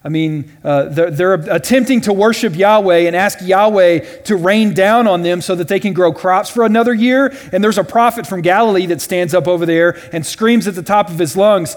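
A man teaching a Bible study class in a casual way, often checking in with "right?" and voicing quoted lines loudly and dramatically. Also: high voice, moderate pace, few pauses. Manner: conversational, with frequent "right?" and "all right?" check-ins. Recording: long reverb from a large hall.

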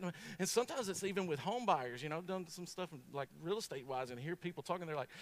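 A man preaching a sermon in a folksy, humorous, animated storytelling way. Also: high voice, fast, hardly any pauses.

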